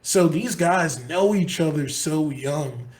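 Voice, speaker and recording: A man's voice: a little high, lively intonation, slow, a little mellow. A man co-hosting a sports podcast, talking casually in long, earnest, rambling stretches full of restarts. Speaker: podcast co-host.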